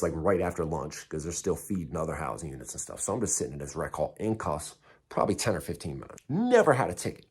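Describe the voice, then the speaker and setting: A man's voice: low-pitched, husky. A man telling a story in a casual way, blunt and heavily profane, and mocking himself. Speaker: vlogger recounting prison time.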